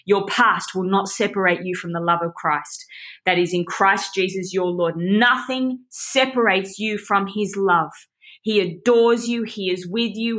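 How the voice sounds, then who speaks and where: A woman teaching a devotional Bible study, passionate, her voice rising high in exclamation, near tears. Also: a bit bright. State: teary.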